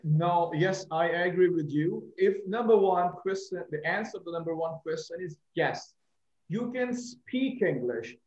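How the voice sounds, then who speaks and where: A man's voice: high-pitched, lively intonation, a little slow, a little mellow, echoey room, muffled recording. A man with a Pakistani accent teaching English, emphatic and instructive, repeating words as a drill. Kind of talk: online English lesson discussion.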